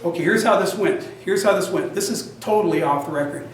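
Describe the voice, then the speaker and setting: An older man telling a lively personal story to an audience, acting out the other people's lines as he goes. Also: high-pitched, brisk, a little hiss or hum. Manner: animated, self-described big talker, acts out both sides of dialogue. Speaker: genealogy society presenter. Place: meeting room with an audience. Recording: very echoey room, mic at a distance.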